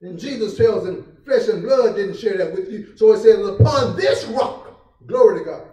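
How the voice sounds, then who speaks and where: A man's voice: sits high, animated, normal speed, mellow, lo-fi sound. A man preaching a sermon as pastor, in a fervent, whooping style with repeated phrases and sudden exclamations. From Southern US. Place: church sanctuary. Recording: echoey church from far off.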